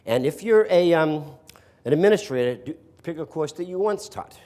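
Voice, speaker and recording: A man's voice: a little high, animated, normal speed, dark tone. An older man from the East Coast, a sarcastic storyteller who speaks to an audience of teachers and asks them questions. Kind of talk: storytelling workshop talk. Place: room with a live audience.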